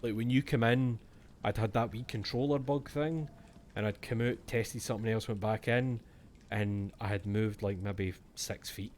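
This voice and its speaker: A man's voice: lowish voice, steady tone, moderate pace, darkish tone, a little hiss or hum. Sweary Scottish man streaming a horror game. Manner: jokey and sweary, reads game text aloud. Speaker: let's-play streamer. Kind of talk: casual gameplay commentary.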